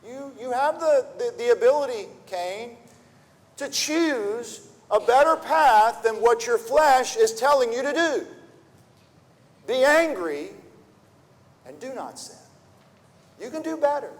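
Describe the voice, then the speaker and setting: A man preaching a sermon, earnest and full of rhetorical questions, often repeating words as he restarts a thought. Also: sits high. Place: church sanctuary. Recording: long reverb of a church hall.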